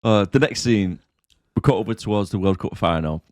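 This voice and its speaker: A man's voice: on the low side, expressive, fairly quick, no room sound, studio quality. A man co-hosting a podcast, recapping a film casually and acting out the characters' lines. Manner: retells scenes, does character voices. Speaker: podcast co-host. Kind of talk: casual film review chat.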